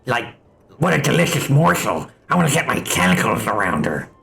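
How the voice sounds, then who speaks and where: A man's voice: medium pitch, very animated, moderate pace, creaky, fairly bright tone, soft background music, exaggerated voice. A man voicing a lecherous male tentacled monster who works as a receptionist, in a boastful drawl while reading game dialogue aloud. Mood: leering.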